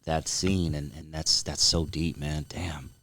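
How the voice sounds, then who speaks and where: A man's voice: rumbling low, little pitch movement, a little slow, a bit bright, dry recording. A man hosting a casual interview, laid-back and reactive, swearing now and then. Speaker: podcast host.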